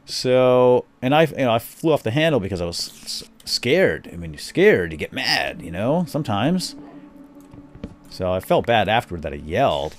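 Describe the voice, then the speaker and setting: A middle-aged man telling a family story while playing a game, switching to quiet muttering when he deals with the game. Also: deep voice, a little hiss or hum. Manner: animated storyteller, drops to quiet muttering over game actions. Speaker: gaming video host. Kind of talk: storytelling during a game playthrough.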